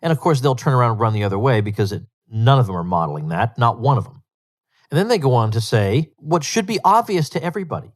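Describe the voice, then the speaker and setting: Male podcast host, solo commentary, emphatic, incredulous, repeats words for stress, mid-pitched voice. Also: very animated, fast.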